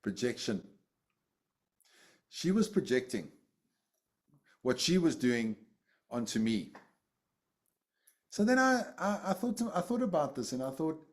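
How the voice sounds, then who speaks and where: A man's voice: a little high, lively intonation, takes it slowly, long pauses. A man teaching a class, telling a personal story in a conversational way, repeating phrases and asking students questions.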